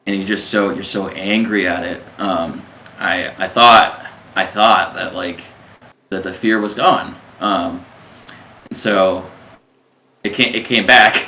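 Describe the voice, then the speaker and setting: Pushed and bright, this young man's lowish voice carries a rambling, casual account of his life as a submariner, told as an interview guest. He is in his twenties and fills his talk with fillers and restarts, while the room echoes and faint noise sits underneath.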